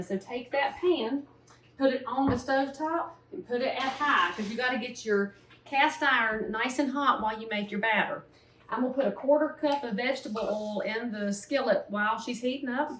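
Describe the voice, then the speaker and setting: A woman's voice: on the high side, normal speed, fairly bright tone, far from the mic. A woman in her forties with a Southern American accent, hosting a home cooking show in a folksy, opinionated, chatty way. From Southern United States. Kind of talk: casual cooking demonstration. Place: home kitchen. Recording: roomy, mic some way off, faint hiss.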